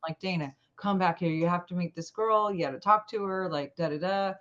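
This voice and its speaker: Woman, interview guest, animated storyteller, lowish voice, dull lo-fi sound. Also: brisk. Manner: animated, acts out quoted dialogue.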